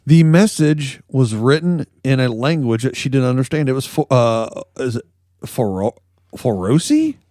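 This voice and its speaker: A man's voice: medium pitch, expressive, normal speed, dark tone, no room sound, studio quality. A man co-hosting a comedy news podcast, telling stories in a rambling, joking way. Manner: joking, rambling storytelling with laughs. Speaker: podcast co-host. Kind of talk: casual comedic news chat.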